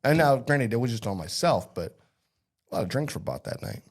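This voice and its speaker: A man's voice: mid-range voice, big pitch swings, fairly quick. A Texan man co-hosting a podcast, bantering and laughing easily in casual chat. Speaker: podcast co-host.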